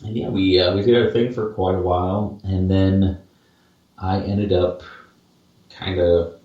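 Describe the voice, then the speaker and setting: A low-voiced man in his late twenties chats loosely on a podcast, circling back on himself with plenty of fillers and self-mocking asides. He sits well back from the mic in a very echoey room. The sound is dull and muffled. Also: darkish tone, recorded from a distance. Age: late 20s. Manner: rambling and self-deprecating, with many fillers and restarts. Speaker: podcast co-host, paranormal investigator. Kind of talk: casual podcast chat.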